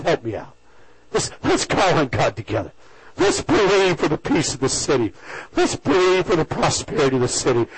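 Male pastor, higher voice, fervent sermon delivery with hushed stretches, dry close sound. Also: dry recording, poor audio. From United States. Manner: swings from loud exhortation to hushed near-whisper.

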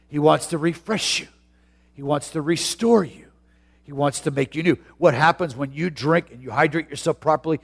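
A pastor preaching a sermon, moving from a chatty, personal tone into loud, drawn-out emphasis. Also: male voice, a little high.

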